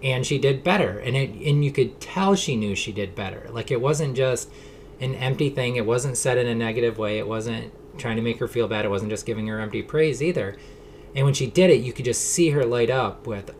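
A man's voice: mid-range voice, normal speed, a little hiss or hum. A middle-aged man hosting a solo podcast, talking in an earnest, rambling way with the odd sarcastic aside. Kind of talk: reflective solo monologue.

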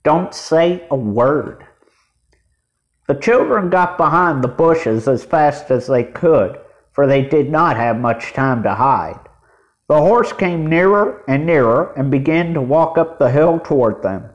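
A man narrates a children's storybook at a slow, deliberate pace. His voice sits somewhat high for a man, and the reading stays measured and steady. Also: highs cut off.

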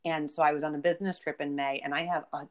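Low-voiced upbeat chatty woman. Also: fairly even intonation, quick pace. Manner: upbeat, chatty, full of "you know". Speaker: guest. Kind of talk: casual conversation.

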